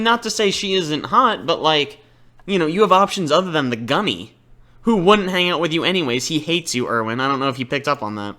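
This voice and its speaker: A man's voice: high voice, fairly bright tone. A man giving casual, sarcastic commentary over a game, rambling and swearing freely. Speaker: let's play host.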